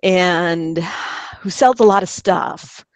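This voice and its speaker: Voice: medium pitch, slow, a crowd in the background. A podcast host telling a long rambling story in casual group chat, laughing often.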